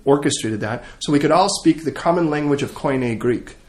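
A man's voice: fairly high pitch, moderate pace. A man preaching a sermon. He tells stories with humor and acts out the scenes as he goes. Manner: animated, humorous storytelling, acting out scenes.

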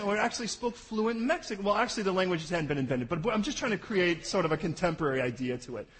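A man preaching a sermon, animated and jokey, swinging from loud bursts to low asides. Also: fast, slightly rough, rough recording. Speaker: pastor.

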